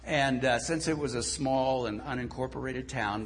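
A middle-aged man preaches a sermon in a natural, conversational way. He tells stories with gentle self-deprecating humor. His voice sits at an ordinary middle pitch for a man. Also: normal speed, a little hiss or hum. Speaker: pastor.

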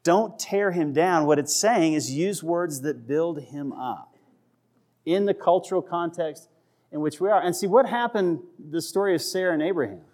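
Male pastor, slightly higher voice, chatty sermon delivery with playful asides. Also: normal speed, a little mellow. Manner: conversational, checks in with the audience, acts out voices for humor.

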